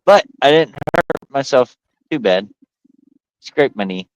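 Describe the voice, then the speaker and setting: A man's voice: medium pitch, takes it slowly, rough recording. A man on a casual livestream chat, telling stories and acting out quotes with lots of energy. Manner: animated storyteller, acts out quotes. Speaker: livestream co-host.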